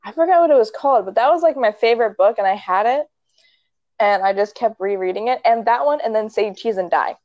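A woman's voice: on the high side, a little fast, a little mellow, dry recording, muffled recording. A young woman chatting casually, retelling a movie in a rambling way with many likes and ums and frequent laughs. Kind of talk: casual chat.

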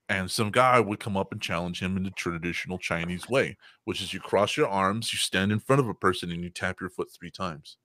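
A man's voice: fairly low pitch, fairly bright tone, no echo, studio quality. A man telling stories in a casual comedy chat, swearing often and laughing a lot.

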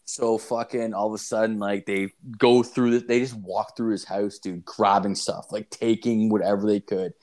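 Low-voiced man swearing through a story. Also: little pitch movement, normal speed, hardly any pauses, a little mellow. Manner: profane, rambling, heavy on "like" and "dude". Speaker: podcast co-host. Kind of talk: casual storytelling chat.

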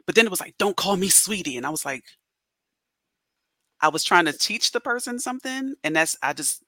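A woman co-hosting a podcast, telling a personal story in expressive casual chat. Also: lowish voice, brisk, no room sound, studio quality. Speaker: podcast co-host.

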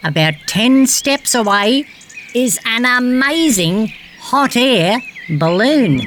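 Using a medium-pitched voice, a woman plays a cheerful green tree frog, a male character fond of facts and silly jokes. He leads a children's storybook adventure in a gentle way.

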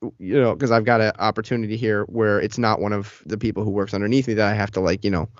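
A man co-hosting a podcast, telling a workplace story in a casual, animated way and swearing freely. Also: on the low side, quick pace, no room sound. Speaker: podcast co-host. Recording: dull, lo-fi, dry sound.

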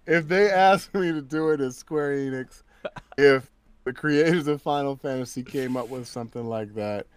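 Chatting casually as an interview guest, this voice actor tells stories and does the voices of the people he quotes, animated throughout. His medium-pitched voice is clear and resonant, at normal speed, with no room sound.

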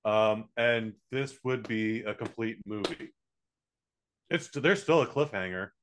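A man's voice: lowish voice, unhurried, slight background noise. A man co-hosting a podcast, reviewing a movie in rambling, joking, profane casual chat.

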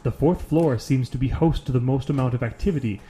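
A young podcast co-host with a warm, mid-range voice reads a list aloud a little fast and casually. He tosses in sarcastic, bored asides.

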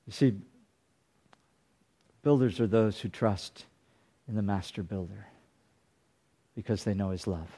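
A man's voice: on the low side, unhurried, long pauses, warm tone, husky. A man preaching a sermon as a pastor, earnest and fond of repeating his phrases.

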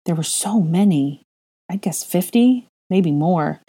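A woman voicing a grief-stricken young husband who speaks in a flat, halting monotone. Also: lowish voice, breathy edge, full character voice. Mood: numb.

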